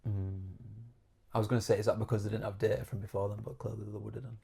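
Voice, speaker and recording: A man co-hosting a podcast, teasing with quick questions and dry asides. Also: lowish voice, little pitch movement, vocal fry, dark tone. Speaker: podcast co-host. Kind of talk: casual chat.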